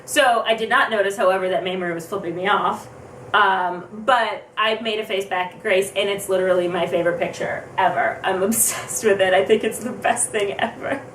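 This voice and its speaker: A young woman vlogger telling a story fast and excitedly, acting out her own thoughts as she goes. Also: mid-range voice, slight background noise. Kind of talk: casual storytelling. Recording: roomy, distant from the mic.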